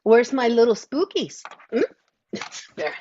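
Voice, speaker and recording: A woman's voice: on the high side, lively intonation, unhurried, dark tone, slight background noise. Bubbly chatty woman hosting a livestream. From Oklahoma. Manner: bubbly, chatty, greeting viewers by name. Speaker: podcast co-host. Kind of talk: casual livestream chat. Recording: dull lo-fi stream audio.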